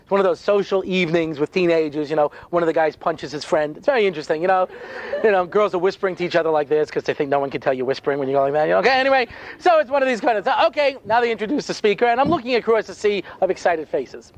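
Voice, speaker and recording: A man's voice: sits high, lively intonation, rapid-fire, dull audio. A man speaking as a rabbi, telling stories with wry sarcasm and lots of asides in a humorous lecture.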